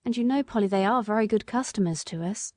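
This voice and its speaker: A woman's voice: medium pitch, fast, a little mellow, no echo, natural voice. A woman reading an audiobook, voicing an earnest, humble working-class male cabman in a plain, respectful way. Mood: steady.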